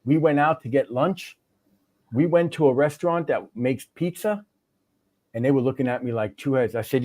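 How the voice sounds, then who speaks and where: A man's voice: mid-range voice, moderate pace, darkish tone, no room sound. A man, a guest on a livestream chat, who tells stories with animation and acts out the dialogue. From New York, Long Island. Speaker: guest, war veteran living in Russia.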